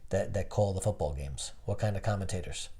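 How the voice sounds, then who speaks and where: Low, mellow-voiced man telling stories. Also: fairly quick, slightly rough. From New Jersey, USA. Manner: storytelling, quizzes the interviewer with questions. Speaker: interview guest. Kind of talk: casual conversational interview.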